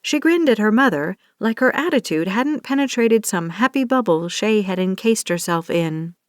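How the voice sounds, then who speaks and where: A woman narrating a romance audiobook in a steady, scripted reading. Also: mid-range voice, moderate pace, dry recording, clean studio sound.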